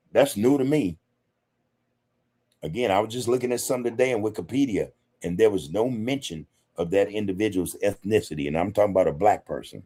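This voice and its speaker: Low mellow-voiced man, emphatic podcast host. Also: husky. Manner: emphatic, conversational, repeats "man" and "you know". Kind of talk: casual commentary reading chat comments. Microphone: streaming setup microphone.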